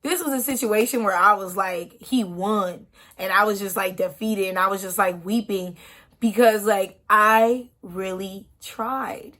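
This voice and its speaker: A woman's voice: mid-range voice, unhurried, pushed and bright. A young woman in her twenties telling a personal story on her vlog, frank and emotional, with many "like" fillers. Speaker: vlogger.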